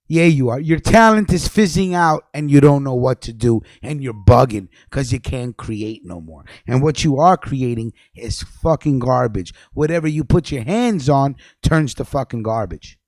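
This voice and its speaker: A man ranting angrily on a livestream, cursing a lot, repeating himself, and jumping between low mutters and loud outbursts. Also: animated, moderate pace, hardly any pauses, no room sound, clean studio sound. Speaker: livestream host. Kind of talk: profane ranting commentary.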